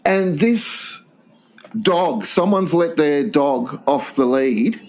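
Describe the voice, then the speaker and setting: A man's voice: fairly high pitch, animated, slow, a little mellow. A man co-hosting a crude comedy podcast, swearing constantly and acting out the voices in his stories. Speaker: podcast co-host.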